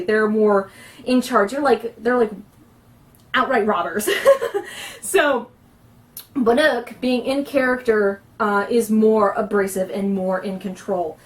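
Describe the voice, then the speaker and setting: A woman explaining how to roleplay in an earnest, instructive way, pausing often. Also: mid-range voice. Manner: earnest, instructive, with frequent pauses. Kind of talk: casual explanatory lesson. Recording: recorded from a distance.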